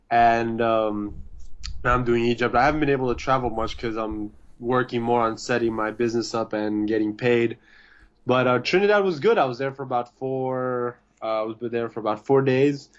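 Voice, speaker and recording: A young man who is a podcast guest, talking in a relaxed, easygoing way with plenty of hesitations. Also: medium pitch. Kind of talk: casual chat. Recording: slightly dull, lo-fi sound.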